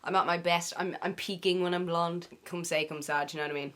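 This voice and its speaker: A woman's voice: on the low side, steady tone, fairly quick, hardly any pauses, fairly bright tone. A young woman with an Irish accent chatting casually through a get-ready-with-me vlog in her bedroom, playful and slangy, tossing in silly made-up words. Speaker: beauty vlogger.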